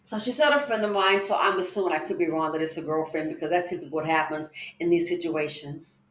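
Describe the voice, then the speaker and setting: A woman's voice: low-pitched, fast, a little hiss or hum. A woman giving reaction commentary, emphatic and indignant, with rhetorical questions. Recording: echoey room.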